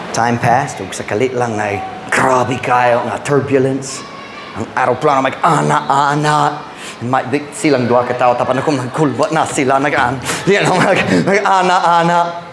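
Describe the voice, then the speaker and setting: A man with an American accent, a pastor preaching a sermon, mixing English with Cebuano and rising to shouts at the high points. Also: roomy sound, background noise. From United States. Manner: mixes English and Cebuano, animated, shouts at peaks. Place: church.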